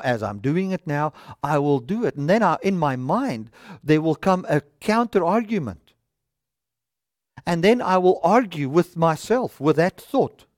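Lively, animated male preacher. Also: on the high side, dry recording, clean studio sound. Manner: reads scripture aloud, then reasons through it with rhetorical questions. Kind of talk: sermon. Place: studio with a stage.

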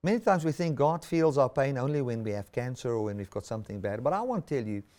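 A man's voice: medium pitch, lively intonation, quick pace, a little mellow. A middle-aged man preaching a sermon, reading scripture aloud and then expounding on it earnestly, with lots of repetition.

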